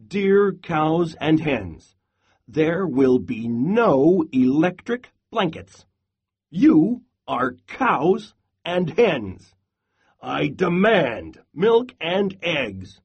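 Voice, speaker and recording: A man voicing an exasperated farmer who lets out high, slow, indignant outbursts in a storybook reading. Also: sing-song, slightly rough, dull audio, exaggerated voice. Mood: stern. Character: exasperated grown man farmer, easily flustered.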